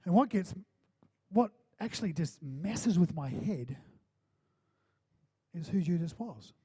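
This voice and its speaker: A male pastor preaching in a church, his voice sitting high for a man. He talks to the room conversationally and punches his points with rhetorical questions. It's a lively, building sermon delivery. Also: slow pace, slightly rough. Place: church hall.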